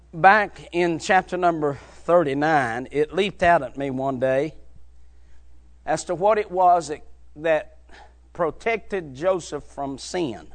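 A man preaching a fervent sermon, dropping low and quiet, then building to shouted peaks. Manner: swings from hushed low drops to shouted high climaxes.

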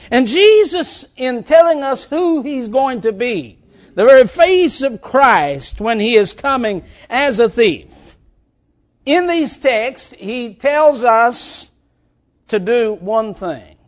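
A man preaching a sermon, reading scripture and speaking directly to his congregation with emphatic, drawn-out phrasing. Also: very high-pitched.

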